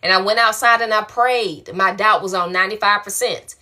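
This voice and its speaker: A woman's voice: medium pitch, fairly even intonation, brisk, sharp tone. A woman coaching viewers on faith during a live stream, reading out their questions and answering in an affectionate, colloquial, encouraging way. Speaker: spiritual coach.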